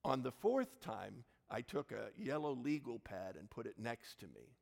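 A man, the pastor of a church, preaching an Easter sermon in a storytelling manner with swings into loud exclamations. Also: mid-range voice, big pitch swings, normal speed, gravelly, long reverb tail.

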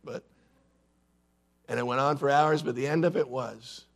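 A man preaching a sermon, telling the story in a dramatic way with sudden drops from loud to hushed. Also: mid-range voice, moderate pace, vocal fry. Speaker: pastor.

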